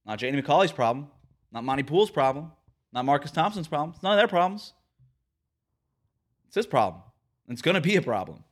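A man hosting a sports podcast, delivering an emphatic, ranting opinion monologue. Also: a little high. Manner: emphatic, ranting, mocks quotes with put-on voices. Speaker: podcast host.

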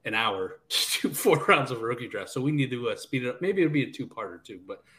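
A man's voice: medium pitch, lively intonation, brisk, bright, forceful tone. A man co-hosting a casual podcast, laughing often as he runs through lists. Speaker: podcast co-host.

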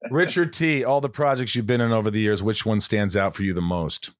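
A man's voice: on the low side, fairly quick, no echo, studio quality. A man hosting an interview podcast, reading out listener questions in an eager, enthusiastic way and stumbling on his starts. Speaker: podcast host.

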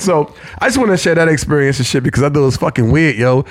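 A man's voice: a little high, animated, fast. A man telling a profane story in a casual podcast chat, acting out what people said and laughing often. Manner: profane storytelling, acts out quotes, laughs a lot. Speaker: podcast co-host.

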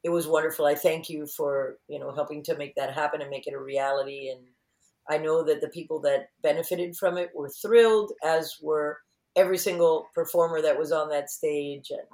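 A woman's voice: low voice, a little fast, echoey room. A woman guest in an interview, chatting casually and acting out quotes as she tells stories. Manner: animated storyteller, acts out quotes.

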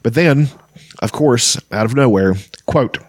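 A man's voice: mid-range voice, no room sound. A man reading passages of a fantasy novel aloud and chatting about them, with frequent ums and restarts. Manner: halting, many ums and restarts. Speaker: podcast host discussing a fantasy novel. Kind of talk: reading aloud and casual commentary.

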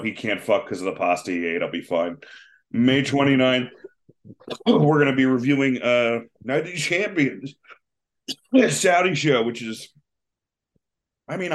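A man in a mid-range voice co-hosts a casual, comedic podcast. He rambles through plans and jokes with plenty of fillers. He tags lines with a loose "bro.". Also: mid-range voice. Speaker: podcast co-host.

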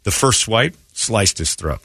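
A man with a low but bright, forceful voice hosts a casual morning radio show. He tells stories with energy and jumps up high when acting out what people said. The sound is dry and close. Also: a little slow, vocal fry, husky, dry recording. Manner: animated storytelling, acts out quotes in a raised voice.

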